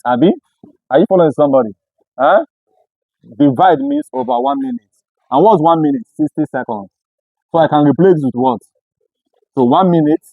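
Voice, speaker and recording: A man's voice: medium pitch, mellow, no room sound, poor audio. A man teaching a physics class, who keeps asking the students to finish each step of his sentences. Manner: call-and-response questioning. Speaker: physics tutor. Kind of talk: classroom lecture.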